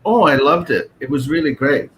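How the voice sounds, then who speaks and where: A man's voice: on the high side, moderate pace, a little hiss or hum, rough recording. A man who is a guest actor, chatting casually on a video call and telling self-deprecating stories with lots of energy. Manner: animated, self-deprecating storytelling. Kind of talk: casual chat.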